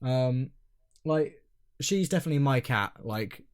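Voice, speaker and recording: A young man co-hosting a casual podcast, talking in a rambling, hesitant way that often trails off quietly. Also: mid-range voice, lively intonation, a little slow, clean tone. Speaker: podcast co-host. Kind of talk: casual chat.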